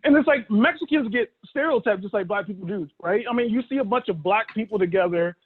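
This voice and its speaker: A man in his thirties doing a stand-up set, with a fairly high voice and a conversational, animated way of telling stories. He acts out the quotes in his anecdotes. The sound is thin and boxy, like a phone line, since his son is holding a phone to record him. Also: fast. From Dallas, Texas. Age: 30s. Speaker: stand-up comedian. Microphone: phone held by his son.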